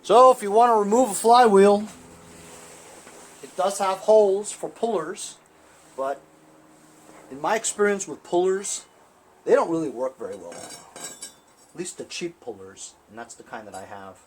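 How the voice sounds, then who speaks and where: A chatty man walks viewers through a lawn tractor repair in a workshop, his pitch rising and falling a lot as he talks. Faint ambient noise hangs behind him. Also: animated, a little slow, pauses often. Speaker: small-engine repair vlogger. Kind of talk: casual hands-on repair demonstration.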